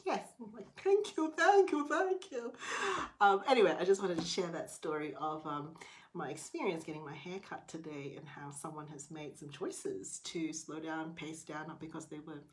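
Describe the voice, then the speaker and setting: A middle-aged woman with a slightly low voice tells a personal story straight to camera in a chatty, lively way. She drops into quick hushed asides now and then, and her tone stays casual and conversational. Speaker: vlogger.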